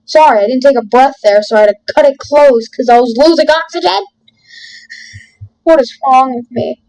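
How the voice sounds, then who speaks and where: A woman's voice: sits high, normal speed, a little mellow, no echo, rough recording. A woman hosting a let's play video, reading game text aloud and breaking off for jokey asides. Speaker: gaming video host.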